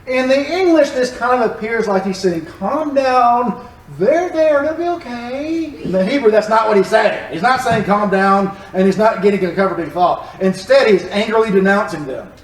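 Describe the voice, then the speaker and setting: A man teaches a Bible passage in an animated, joking way. His voice sits high for a man. He sounds distant from the mic, in an echoey church room. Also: a little fast, few pauses.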